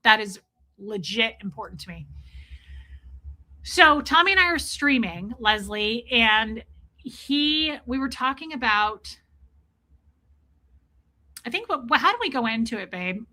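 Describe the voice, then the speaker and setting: A woman hosting a casual livestream, greeting viewers by name and telling a self-mocking story in an animated way. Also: a little high, unhurried, long pauses. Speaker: livestream host. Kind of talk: casual livestream chat reading viewer comments.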